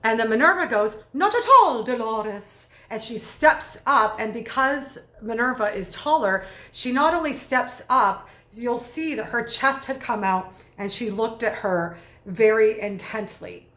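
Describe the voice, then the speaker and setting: A woman communication coach giving energetic, conversational commentary in quick bursts. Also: on the high side, roomy sound. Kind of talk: video lesson commentary.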